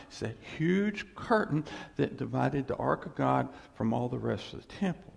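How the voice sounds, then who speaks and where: Gravelly preacher in an echoing hall. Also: male voice, medium pitch, a little mellow. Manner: emphatic, repeats phrases, calls for audience response. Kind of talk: sermon teaching on scripture.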